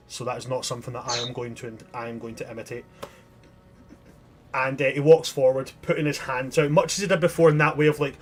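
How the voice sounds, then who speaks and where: A man narrating a tabletop game as game master, descriptive and chatty with frequent restarts. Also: mid-range voice.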